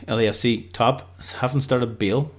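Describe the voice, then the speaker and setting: A man's voice: medium pitch, steady tone, moderate pace. A man giving casual, unscripted football predictions, rambling loosely and leaning on lots of filler words. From Ireland.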